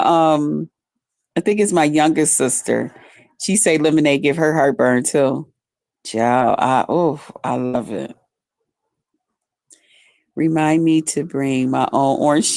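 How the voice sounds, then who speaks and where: A woman with a deep, low voice drawls through a relaxed live-stream chat. She takes her time, folksy and chatty. The sound is close and dry. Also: vocal fry, no echo. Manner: chatty, folksy, reads out viewer comments. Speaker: livestream host.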